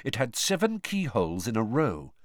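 A man narrating an audiobook with an expressive, varied delivery. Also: medium pitch, normal speed, no room sound, studio quality. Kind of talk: storybook narration.

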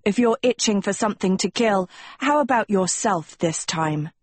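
A woman voicing a blunt, prickly teenage girl branded a witch, sharp-tongued and defiant, with a husky voice. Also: mid-range voice, animated, moderate pace, no room sound.

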